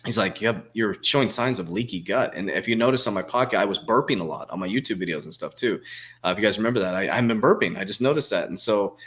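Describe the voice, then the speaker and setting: Rambling, profane man in his forties, fairly low voice. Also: quick pace, a bit bright. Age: 40s. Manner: rambling, profane, frequent fillers and restarts. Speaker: crypto coach answering viewer questions. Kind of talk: casual livestream Q&A.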